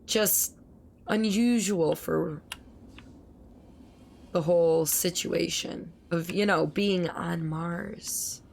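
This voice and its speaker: Slow, gravelly woman streamer. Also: fairly low pitch, a little mellow, slight background noise. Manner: chatty, rambling, talks to chat. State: recovering from a cold, voice not at full strength. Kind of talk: casual gameplay commentary.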